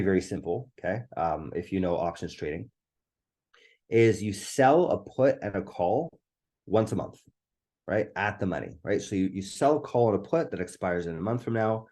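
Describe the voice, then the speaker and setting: Hoarse, eager man presenting a webinar. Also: fairly low pitch, darkish tone. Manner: enthusiastic, keeps asking "right?". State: voice going hoarse.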